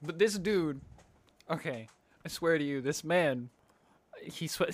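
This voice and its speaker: A man's voice: on the high side, normal speed, no echo. Teasing young man chatting. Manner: teasing, animated storyteller. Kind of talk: casual chat.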